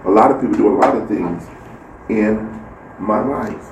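A man's voice: on the low side, normal speed. A man giving a casual faith talk, telling a story and acting out the people in it. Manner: animated storytelling, acts out quoted voices. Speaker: speaker sharing a devotional story. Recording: roomy, distant mic with faint background noise.

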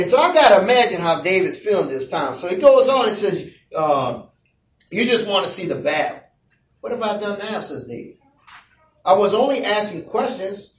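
A man preaching a sermon, retelling a scripture story with lively, playful asides and acted lines. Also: high-pitched. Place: church. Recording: echoey room, voice from a distance.

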